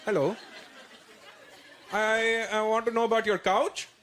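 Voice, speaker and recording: A man's voice: high-pitched, little pitch movement, a little slow, a crowd in the background, noisy background. A man doing a scolding immigrant dad. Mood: stiffly polite. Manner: loud, indignant scolding. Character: irritable older immigrant father, quick to scold. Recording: comedy stage with roaring audience laughter.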